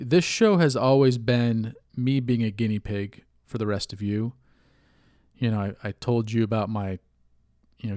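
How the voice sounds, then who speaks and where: A man's voice: on the low side, a little mellow, no room sound, clean studio sound. A man hosting a casual solo podcast, rambling candidly, swearing freely and laughing at himself. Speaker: podcast host.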